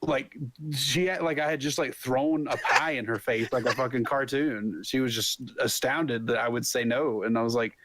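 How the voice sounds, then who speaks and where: A man's voice: medium pitch, normal speed, few pauses, fairly bright tone, a little hiss or hum. A man chatting casually on a podcast, rambling and swearing as he rants. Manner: profane, ranting, rambling. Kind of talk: casual chat.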